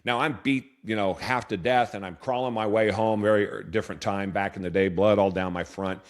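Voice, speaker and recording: Low-voiced candid American businessman. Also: steady tone, brisk. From Portland, Oregon, USA. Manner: candid, earnest, frequent restarts. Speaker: business owner guest. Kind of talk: reflective storytelling interview answer.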